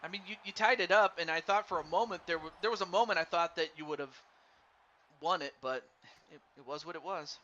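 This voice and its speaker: Excitable man calling a wrestling game. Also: fairly high pitch, brisk. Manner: excitable, stumbling, chatty with chat. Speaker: streamer commentating a wrestling game. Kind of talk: live play-by-play commentary. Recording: dull lo-fi stream mic with faint noise.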